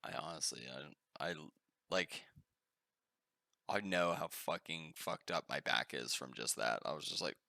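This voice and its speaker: Speaking at a normal pace in an extremely low, fry-laden voice, a young man co-hosting a podcast spins animated stories and swears liberally in laid-back chat. The dry recording has studio quality.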